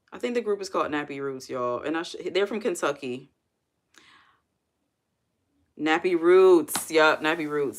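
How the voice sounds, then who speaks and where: A woman's voice: sits low, fairly bright tone. A woman chatting casually on a livestream, thinking aloud and answering viewer comments. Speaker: livestream host.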